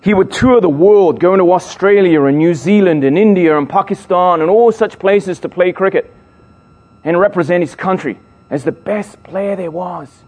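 Middle-aged male youth preacher, slightly high voice, jokes and builds emphasis. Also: normal speed, a little mellow. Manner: playful, jokes with the audience, emphatic build-ups. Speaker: speaker at a youth gathering. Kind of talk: sermon to young people.

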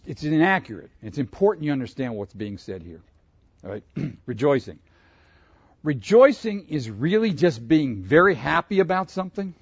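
A man from Pittsburgh preaching a sermon, animated and asking his listeners questions. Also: lowish voice, breathy edge, dry recording, lo-fi sound. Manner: animated, asks the audience questions. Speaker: pastor.

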